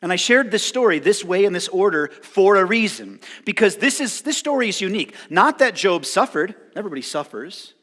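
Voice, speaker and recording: A male pastor preaching a sermon, retelling a story dramatically and acting out the voices with loud outbursts. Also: high voice, sing-song, fairly quick, hardly any pauses. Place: church hall. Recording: long hall reverb.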